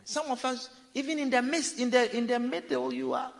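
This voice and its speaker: A man's voice: very high-pitched, steady tone, moderate pace, vocal fry, few pauses. A man preaching a sermon, repeating phrases and acting out people's pleas. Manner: preaching with repetition and acted-out pleading. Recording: long reverb of a large hall.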